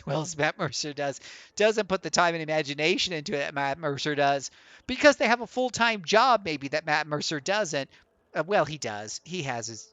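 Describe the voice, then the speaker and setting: A man with a fairly high, fairly bright voice streams a game live, giving gameplay commentary as he chats and jokes. His talk rambles and he restarts often. There's no room sound.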